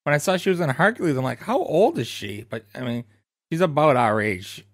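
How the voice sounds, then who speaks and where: A man's voice: mid-range voice, lively intonation, fast, no room sound, studio quality. A man co-hosting a podcast, chatting casually and sharing trivia about an actress. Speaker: podcast co-host. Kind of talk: casual chat about a TV show.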